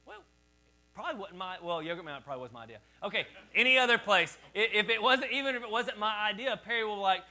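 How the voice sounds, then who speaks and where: A man's voice: sits high, expressive, fast, sharp tone. A male pastor preaching a sermon in a conversational, joking way, calling on the congregation to repeat words back to him.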